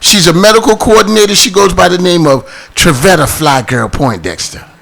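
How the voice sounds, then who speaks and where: A man with a Boston accent hosting a casual talk show, loud, animated and jokey. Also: high voice, fairly quick, creaky. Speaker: host.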